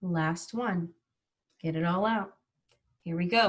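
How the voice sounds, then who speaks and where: A woman's voice: lowish voice, takes it slowly, pauses often. Chatty woman leading a mindfulness class. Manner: upbeat, chatty, yawns during breathing exercises. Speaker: mindfulness teacher. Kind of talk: live online mindfulness class.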